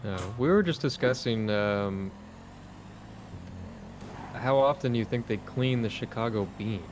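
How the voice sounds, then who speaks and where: A man's voice: medium pitch, a little slow, slight background noise. A man on voice chat, a fellow player chatting in a laid-back, offhand way. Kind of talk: casual gaming chat.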